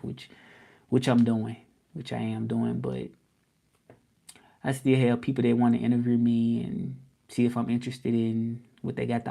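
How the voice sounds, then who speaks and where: A man hosting a casual livestream, relaxed and rambling, often repeating himself. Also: medium pitch, creaky. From Memphis, Tennessee. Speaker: language teacher and livestream host.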